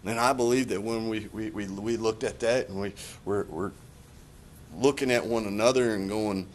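A man with a lowish voice preaches in an earnest, confessional way, stumbling and restarting as he works through his thoughts. A faint low rumble runs under the recording. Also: fairly even intonation, moderate pace. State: choked up. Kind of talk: sermon.

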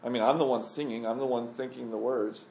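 A man's voice: mid-range voice, fairly even intonation, fast talker, gravelly, darkish tone, a little hiss or hum. Man, conversational Bible study teacher, emphatic, questions the group, echoey room.

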